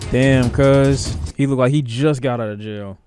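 A man streaming live, reacting to TV clips with animated, profane commentary and bursts of laughter. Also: medium pitch, unhurried, over music.

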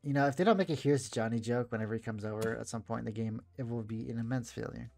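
A man's voice: mid-range voice, quick pace, vocal fry, darkish tone. A man hosting a gaming video, reading a visual novel aloud and dropping joking, wry asides between the lines.

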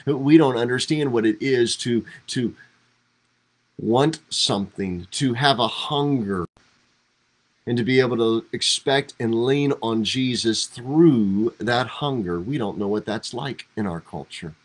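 A man's voice: medium pitch, unhurried, rough recording. A man teaching a devotional Bible study as a pastor, talking conversationally and acting out quoted lines with rising emphasis. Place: church livestream.

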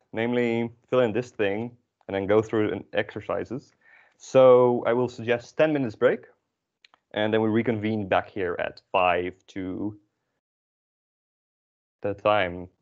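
A man teaching a beginner Dutch class, explaining in a relaxed, chatty way with many fillers. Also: medium pitch, a little slow, long pauses. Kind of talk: casual classroom lesson. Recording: dull lo-fi recording.

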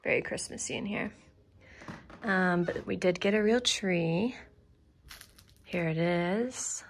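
Young woman vlogging with vocal fry. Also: lowish voice, slow pace, a little hiss or hum. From Syracuse, New York. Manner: chatty, upbeat, with frequent "um"s. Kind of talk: casual vlog chat. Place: her parents' house, indoors.

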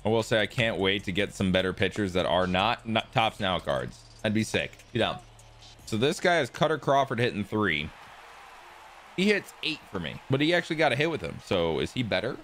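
A young man giving casual, excitable commentary on his own gameplay, jumping between loud outbursts and muttered self-deprecating asides. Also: lowish voice, a little fast, slight background noise. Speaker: gaming YouTuber.

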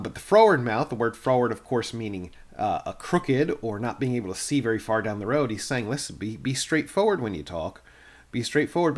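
A middle-aged male pastor giving a plain-spoken, earnest devotional sermon, often restarting his phrases. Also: mid-range voice.

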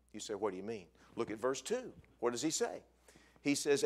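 A male evangelist preaching a sermon in a church, telling a story with lively, animated delivery that climbs high for emphasis. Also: normal speed. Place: church sanctuary.

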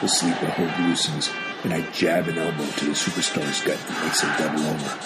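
Deep-voiced man narrating a wry memoir. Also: little pitch movement, fairly quick. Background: guitar music.

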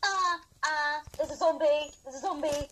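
A woman's voice: high voice, moderate pace, fairly bright tone, a little hiss or hum, poor audio. A woman bantering offhandedly as a co-player in a casual game session. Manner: offhand, lazy-sounding banter. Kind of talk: casual gameplay chat.

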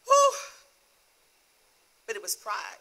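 Middle-aged woman minister, earnest and emotional in sermon testimony, breaks into soft laughs. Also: a little high, expressive, unhurried. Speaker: guest minister.

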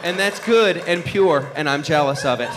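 A man doing an animated stand-up comedy routine on a club stage. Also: a little high, normal speed. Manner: animated storytelling with mock cat yowls. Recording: live club recording with crowd noise. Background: audience laughter.

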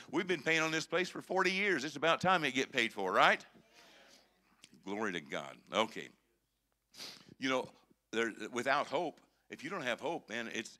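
Bright-voiced preacher, emphatic. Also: male voice, on the high side. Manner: emphatic, conversational preaching with swings in intensity. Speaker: pastor. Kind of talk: sermon.

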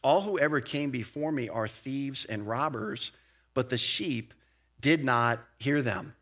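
A man preaching a sermon as pastor, in a lively, conversational way with casual asides. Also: medium pitch, unhurried. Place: church sanctuary.

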